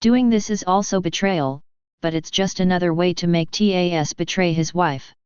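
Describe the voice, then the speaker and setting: A woman's voice: fairly low pitch, normal speed, darkish tone, clear, resonant tone, no room sound, lo-fi sound, close to an everyday voice. A woman voicing a shy, earnest young woman in love who speaks in a troubled, sincere way in an audiobook.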